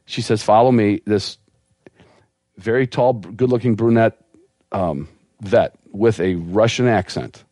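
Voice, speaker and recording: A man telling a long story on a podcast in an animated, laughing way, as a guest who breeds dogs. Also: fairly low pitch, unhurried, pauses often, dry recording, studio quality.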